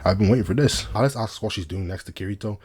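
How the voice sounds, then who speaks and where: A man's voice: lowish voice, quick pace, a little mellow, husky. A young man giving casual, slangy recap commentary over anime footage, with joking asides.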